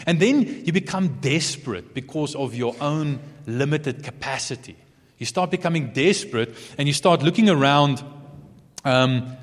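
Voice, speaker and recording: Expressive man preaching in a reverberant hall. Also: medium pitch. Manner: earnest, expressive, occasional soft asides. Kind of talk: sermon.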